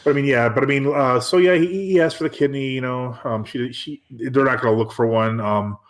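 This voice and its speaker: Male podcast co-host, rapid talker, casual and doubtful about the plot. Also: mid-range voice. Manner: quick, chatty, skeptical asides. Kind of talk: casual chat recapping a TV episode.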